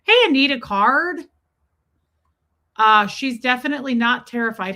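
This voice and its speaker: A woman's voice: fairly high pitch, expressive, a little slow, sharp tone. A woman hosting a casual livestream, chatting and greeting viewers by name in an affectionate way. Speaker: livestream host.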